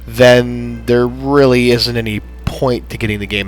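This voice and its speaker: A man hosting a gaming channel, chatting in a rambling, halting way with lots of fillers as he wraps up a playthrough. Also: mid-range voice, fairly even intonation, low-quality recording. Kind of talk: casual gameplay commentary. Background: soft background music.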